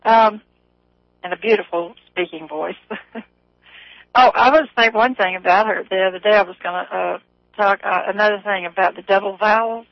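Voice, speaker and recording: A woman's voice: mid-range voice, fairly even intonation, moderate pace, creaky, no echo. A Southern-accented woman calls in to a radio show. She rambles from point to point and laughs often. Her voice comes over a dull, dry phone line. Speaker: caller.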